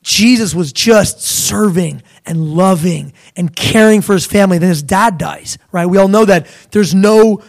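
A young man preaching a sermon in a lively, conversational way, now and then acting out voices of biblical figures. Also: high-pitched, unhurried, hardly any pauses.

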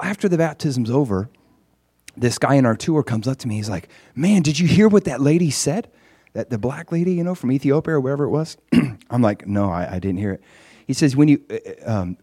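A man casually recounting a ministry trip, growing animated and loud as the story builds. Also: husky. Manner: animated, gets loud and high when excited; frequent fillers and restarts. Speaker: traveling minister.

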